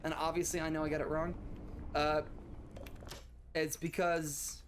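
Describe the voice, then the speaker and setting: A man's voice: a little high, fairly even intonation, moderate pace, long pauses. A man streaming a video game, chatting casually and rambling with restarts and asides to his viewers. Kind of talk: casual gameplay commentary.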